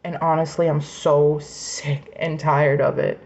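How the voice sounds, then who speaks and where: A woman's voice: deep voice, little pitch movement, unhurried, darkish tone. A woman in her twenties venting in an emotional personal rant, angry, raw and profane, sometimes dropping to a whisper. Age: 20s. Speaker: vlogger.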